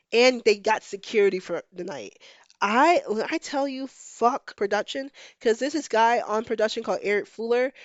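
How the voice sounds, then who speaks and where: A woman hosting a podcast, recapping pop culture in casual chat, animated and blunt, swearing freely. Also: a little high, no echo, highs cut off. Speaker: podcast host.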